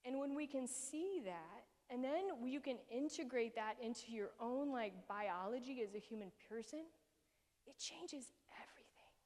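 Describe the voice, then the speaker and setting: A woman's voice: a little high, expressive, normal speed, few pauses, a little mellow, long reverb tail. A woman in her forties giving a heartfelt personal talk with slides, earnest and emotional, with many fillers and restarts. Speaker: speaker presenting to a group.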